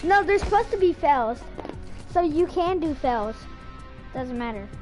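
A woman giving excitable gameplay commentary, shouting and laughing at what happens on screen. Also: sits high, measured pace, soft background music. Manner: excitable, yelling and laughing at the game.

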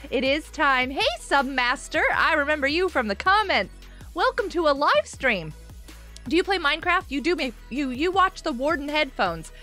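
A woman's voice: high-pitched, expressive, normal speed, sharp tone, soft background music. A woman chatting casually on a gaming live stream from a carpeted room at home, giggly and laughing often.

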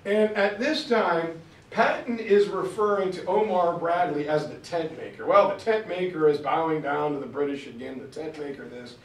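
Guy giving a history talk, highish voice, echoey room, sounds away from the mic. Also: normal speed, recorded from a distance. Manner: conversational storytelling, acts out quotes, clears throat. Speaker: history lecturer. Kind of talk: informal history lecture with map.

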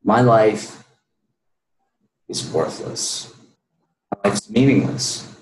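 A man's voice: on the low side, drawn-out words, darkish tone, roomy sound, slight background noise, low-quality recording. A man telling his personal story as an interview guest, earnest and full of fillers.

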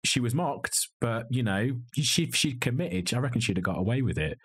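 A man's voice: medium pitch, animated, moderate pace, fairly bright tone, slightly rough. A man co-hosting a podcast, reviewing a film in a wry, joking, rambling way. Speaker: podcast co-host. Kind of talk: casual film review chat. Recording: slightly glitchy video call audio.

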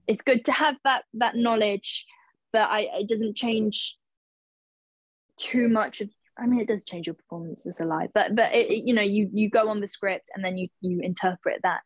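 A woman's voice: mid-range voice, moderate pace, dry recording, muffled recording. A woman in her twenties, an actress answering interview questions casually, hesitant, with many fillers and restarts as she searches for words. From England. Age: 20s.

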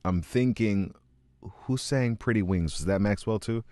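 Male reaction host, excitable and slangy, low voice, slow delivery, dry close sound. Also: no room sound. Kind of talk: casual reaction commentary.

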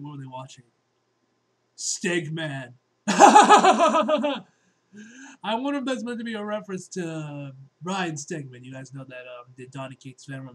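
A man reading a comic aloud and reacting, excitable and breaking into loud exclamations. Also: medium pitch, a little hiss or hum. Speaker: comic book reviewer.

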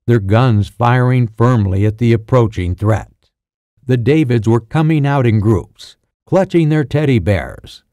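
A man reading a science fiction audiobook in steady, measured scripted narration. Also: mid-range voice, no echo, clean studio sound.

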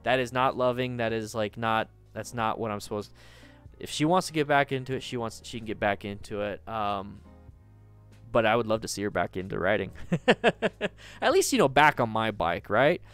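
A man's voice: fairly low pitch, lively intonation, normal speed, fairly bright tone, clear, resonant tone, faint music behind. A man in his thirties chatting casually from home as a livestream host, reading viewer comments, restarting and repeating himself.

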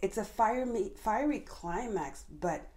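Fast-talking woman tarot reader. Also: mid-range voice, animated, dark tone. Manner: fast, passionate talker; addresses viewers directly, calls on Spirit. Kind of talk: tarot reading monologue.

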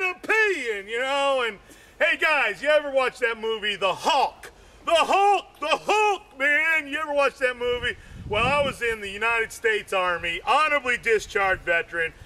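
A man telling loose, rambling stand-up jokes, adding "man" to nearly every line and breaking into shouts on the punchlines. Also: very high voice. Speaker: amateur comedian.

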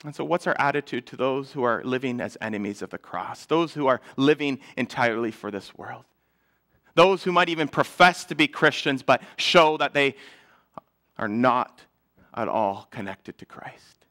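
Bright-toned man preaching a sermon. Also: mid-range voice, lively intonation, normal speed. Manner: earnest preaching, swelling louder then dropping to a hush. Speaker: pastor. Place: church.

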